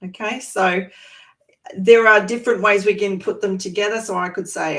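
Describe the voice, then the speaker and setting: A woman's voice: medium pitch, fairly even intonation, moderate pace, a bit bright. An Australian woman from Sydney, a language teacher giving an online presentation and explaining patiently with frequent ums. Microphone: video call.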